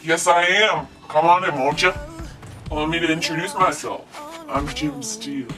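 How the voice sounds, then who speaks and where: A man's voice: on the high side, moderate pace, bright, forceful tone, faint music behind. A young man playing a nervous teenage boy who acts falsely grown-up, speaking hesitantly and overly politely. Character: teenage boy, an awkward, nervous would-be sophisticate. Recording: echoey room, distant mic, faint background ambience.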